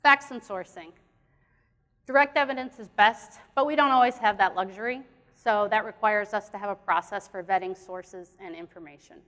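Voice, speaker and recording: A woman presents at a conference in an earnest, plainspoken way, with occasional fillers and restarts. Her voice sits at a medium pitch. The sound carries a long reverb from the hall. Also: normal speed, fairly bright tone. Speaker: conference speaker. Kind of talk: conference talk.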